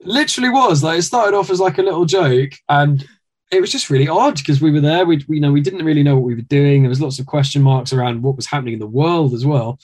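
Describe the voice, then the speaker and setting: A British man telling stories as an interview guest, rambling and animated, with many fillers and restarts. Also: fairly high pitch, quick pace. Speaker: guest musician. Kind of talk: casual interview.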